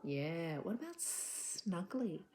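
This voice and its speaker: Slow, gentle woman teaching little kids. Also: on the low side, big pitch swings. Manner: gentle, encouraging, slow and drawn out; sounds out letters and slips into soft whispers. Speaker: children's literacy presenter. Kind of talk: teaching young children with a puppet. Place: home living room.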